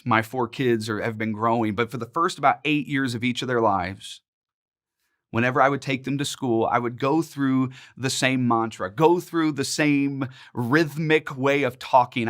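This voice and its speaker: A man in his forties leads a Bible study in an earnest, emphatic teaching voice. His pitch sits in an ordinary middle range, and he slows into measured, rhythmic pauses to press a point home. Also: fairly bright tone.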